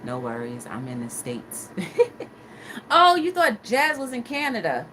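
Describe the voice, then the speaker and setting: Lively woman host chatting with her stream, acts out quotes, faint noise behind. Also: medium pitch, a little slow. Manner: animated storyteller, acts out quotes, laughs often. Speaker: livestream talk show host. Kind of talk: casual chat reading live comments.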